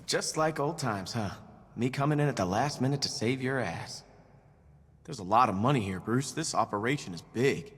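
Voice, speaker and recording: A man's voice: mid-range voice, animated, normal speed, fairly bright tone, big-room sound, a little hiss or hum, lightly acted. An actor playing a confident young male vigilante who teases his old partner in a video game. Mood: cocky. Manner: teasing, confident. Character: cocky young male vigilante sidekick, wisecracking.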